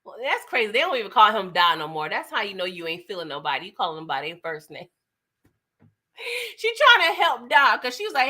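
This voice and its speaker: A woman's voice: medium pitch, very animated, a little fast, bright, forceful tone. A woman giving a casual, slangy recap of a TV episode, chatty and laughing often. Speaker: TV recap reviewer.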